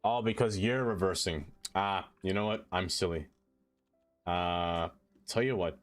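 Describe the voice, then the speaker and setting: A man streaming a game, chatting casually, talking to what he builds and answering chat, quick to exclaim in dismay when things go wrong. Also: low voice, faint music behind. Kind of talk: casual live-stream chatter while playing.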